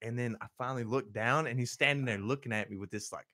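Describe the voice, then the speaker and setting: A young adult man hosting a podcast, telling a crude story with animated, profane energy and frequent laughter. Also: medium pitch, fast talker. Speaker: podcast host. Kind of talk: casual storytelling.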